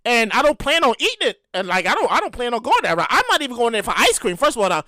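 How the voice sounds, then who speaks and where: Animated, foul-mouthed woman podcast host. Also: fairly high pitch, quick pace, dry recording, clean studio sound. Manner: animated, profane, repeats herself and acts out quotes. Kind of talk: casual solo podcast commentary.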